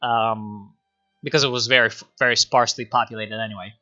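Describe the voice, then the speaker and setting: A man streaming casually, giving history commentary in a rambling, profane, animated way. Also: mid-range voice, a little fast, lo-fi sound, soft background music.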